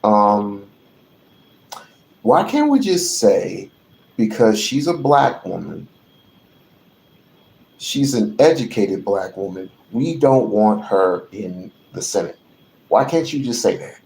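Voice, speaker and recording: A man hosting his channel, delivering a profane, repetitive rant that builds to shouting. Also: fairly low pitch, sing-song, takes it slowly, creaky, pauses often. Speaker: channel host. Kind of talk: ranting commentary. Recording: roomy echo.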